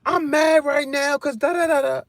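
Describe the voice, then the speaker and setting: A man's voice: very high voice, fairly even intonation, moderate pace, creaky, voice pushed up. A man mimicking an exasperated ranting girlfriend. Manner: complaining, exasperated rant. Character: ranting annoyed adult girlfriend.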